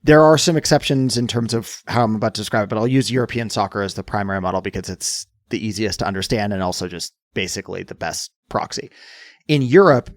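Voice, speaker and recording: Hoarse man explaining sports. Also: lowish voice, quick pace, no echo, studio quality. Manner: explanatory, gets animated and mock-indignant. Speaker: podcast co-host. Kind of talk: casual podcast chat.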